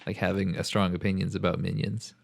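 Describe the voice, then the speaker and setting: Low-voiced young man, rambling chat. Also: flat delivery, a little fast, gravelly, slight background noise. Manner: rambling, full of fillers. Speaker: podcast co-host. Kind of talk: casual chat.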